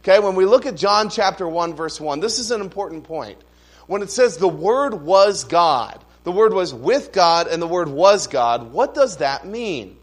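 A man preaching a sermon, explaining scripture in a conversational way with asides and humor, slowing down to stress key phrases. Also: high-pitched, lively intonation. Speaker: pastor.

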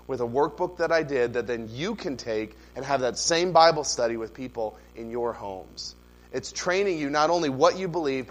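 A man in his thirties preaching a sermon to his church, earnest and building to loud, impassioned calls. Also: mid-range voice, low-quality recording. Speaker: pastor. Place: church sanctuary.

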